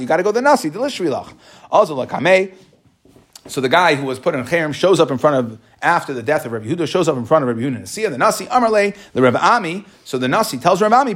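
Guy going thru talmud, talks quick, voice a bit high. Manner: reads Aramaic passages and explains them in casual English. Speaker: Talmud teacher. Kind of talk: Talmud class, explaining the text.

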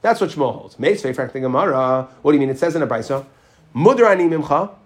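High-voiced man teaching a Talmud class. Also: lively intonation, quick pace. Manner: questioning, repeats Hebrew phrases in a chanting rhythm.

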